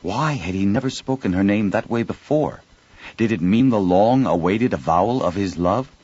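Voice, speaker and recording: A man narrating an audiobook in an expressive storytelling reading. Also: fairly low pitch, moderate pace, lo-fi sound, slight background noise. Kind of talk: scripted narration.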